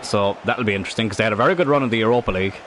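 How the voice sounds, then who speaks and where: Bright-voiced game streamer. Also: male voice, fairly low pitch, rapid-fire, a little hiss or hum. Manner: excitable, swears at the game, rambling asides. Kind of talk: live gameplay commentary.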